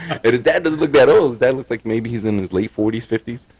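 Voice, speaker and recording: A man co-hosting a podcast in casual chat, laid-back, swearing often and laughing, high from smoking. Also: fast talker, a little mellow, slightly rough, poor audio. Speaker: podcast co-host.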